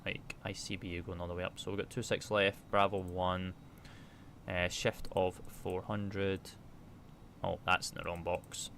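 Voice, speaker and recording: A man's voice: deep voice, flat delivery, a little slow, gravelly, a bit bright, a little hiss or hum. A man from the United Kingdom, chatting casually with his viewers while flying a simulator, reading numbers and checklist items aloud between remarks. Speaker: flight sim streamer.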